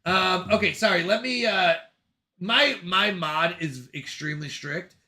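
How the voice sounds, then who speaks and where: Reading his chat out loud, a streamer in his thirties answers each message with fast, animated reactions. His voice is high and very bright, and he keeps thanking people and apologizing for falling behind on a relaxed live stream.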